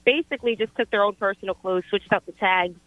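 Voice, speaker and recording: A woman's voice: mid-range voice, fast talker, no room sound. A woman calling a radio show and telling a workplace story in a matter-of-fact way. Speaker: caller. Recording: tinny phone line.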